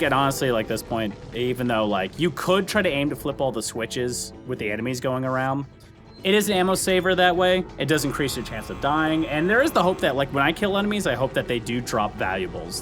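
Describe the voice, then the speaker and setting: A man's voice: mid-range voice, lively intonation, a little fast, music in the background. A man giving casual let's play commentary, rambling with fillers and frequent laughs. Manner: chatty, rambling, laughs often, many fillers.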